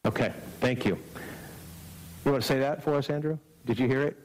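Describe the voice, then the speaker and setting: A man's voice: medium pitch, fairly quick, a little hiss or hum, poor audio. A man preaching a camp-meeting sermon in an earnest, exhorting way, often putting rhetorical questions to his listeners.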